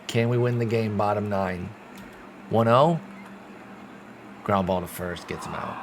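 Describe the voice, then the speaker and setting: A steady wash of background noise underlies this young gaming streamer, who narrates his baseball sim like a play-by-play announcer in a fairly low voice. He's unhurried and pauses often, lurching between sulky, muttered frustration and loud, excited outbursts, with swearing along the way.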